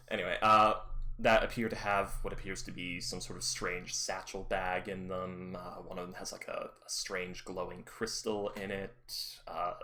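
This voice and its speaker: A man's voice: deep voice, bright, forceful tone, a little hiss or hum. A man narrating a tabletop game as game master, rambling and correcting himself with many fillers.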